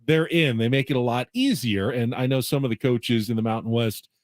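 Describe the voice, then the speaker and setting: A man's voice: medium pitch, animated, fairly quick, dry recording, studio quality. A man hosting sports radio, explaining college basketball at length and thinking aloud with restarts.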